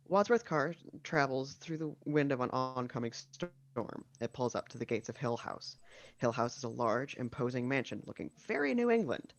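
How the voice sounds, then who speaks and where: A man narrating the stage directions of a screenplay at a casual video-call table read, with steady reading and dry asides. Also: medium pitch, creaky, dry recording.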